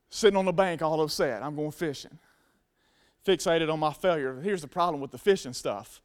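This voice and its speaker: A man preaching a sermon to a congregation, emphatic and casual. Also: high voice. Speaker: pastor.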